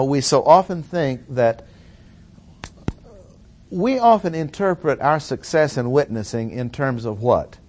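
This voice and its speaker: A man preaching verse by verse in a mid-range voice. He is deliberate and emphatic and slows right down on the phrases he wants to land. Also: medium pitch. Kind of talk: expository sermon.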